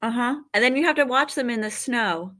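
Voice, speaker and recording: A woman in her forties from Western New York, talking as a comedian guest on a live interview show. Her voice is bright and sharp, and her delivery is chatty and animated, always reaching for the joke. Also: on the high side, a little fast. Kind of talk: casual interview chat.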